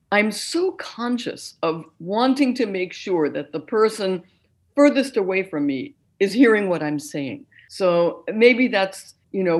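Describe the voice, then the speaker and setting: Older lady, concert narrator, lowish voice, talks super clear and careful. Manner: clear, deliberate, articulate speech. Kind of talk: interview conversation.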